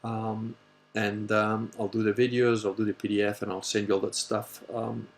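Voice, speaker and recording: A man hosting a casual Q&A livestream, telling a story in a rambling, animated way and swearing freely. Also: lowish voice, moderate pace. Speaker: host answering viewer questions.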